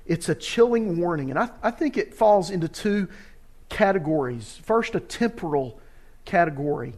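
A man's voice: sits high, lively intonation, moderate pace, darkish tone. A man preaching a sermon, reading scripture with earnest urgency.

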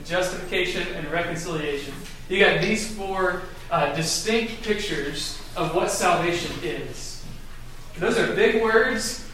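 High-voiced man teaching in an echoey room. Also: bright, forceful tone, slight background noise. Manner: loose and conversational, many fillers and restarts. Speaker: Bible study teacher. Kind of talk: teaching a group class. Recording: very echoey room, mic far off.

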